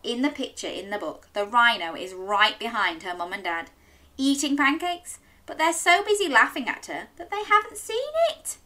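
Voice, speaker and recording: Animated sing-song woman reading to little kids. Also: on the high side, normal speed. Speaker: children's storyteller. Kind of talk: interactive story reading for children.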